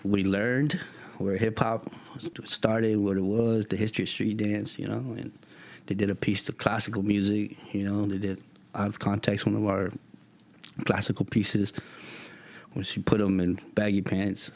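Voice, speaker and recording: A man's voice: on the low side, normal speed, gravelly. A middle-aged man from Texas, telling stories in an interview and acting out the people in them. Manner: animated, acts out quoted people in raised voices. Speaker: guest. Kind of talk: storytelling interview.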